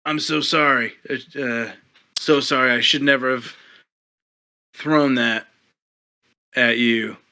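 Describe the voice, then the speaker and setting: A man voicing a battered male fighter who apologizes in a loud, slightly raised voice. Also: medium pitch, steady tone, takes it slowly, long pauses. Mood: apologetic.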